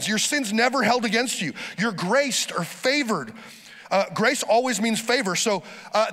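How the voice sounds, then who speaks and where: A pastor delivering a lively sermon, urging the congregation to repeat phrases after him. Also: male voice, sits high, big-room sound.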